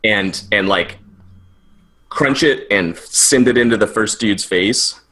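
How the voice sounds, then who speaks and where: A man with a fairly low voice playing a tabletop game. He eagerly lays out his character's moves in quick bursts. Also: pushed and bright. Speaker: player. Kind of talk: casual tabletop play.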